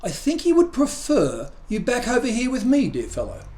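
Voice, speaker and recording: A man voicing a calm, wise male cat who speaks in an unhurried, genteel manner, in a storybook reading. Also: extremely high pitch, pitched above the performer's own voice, heavily acted. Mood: serene.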